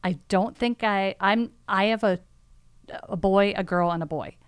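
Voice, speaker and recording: A middle-aged woman chats as a podcast guest with wry, deadpan humor. Her voice is smooth and clear at a medium pitch. The recording sounds close and dry. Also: a little slow, dry recording. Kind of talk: casual podcast chat.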